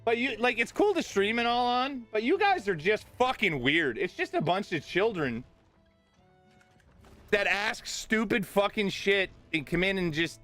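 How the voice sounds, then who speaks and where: A man's voice: high voice, very animated, unhurried, a bit bright, faint music behind. A middle-aged man streaming a game live, talking bluntly and with heavy swearing as he rants at his chat. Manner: profane, blunt, ranting.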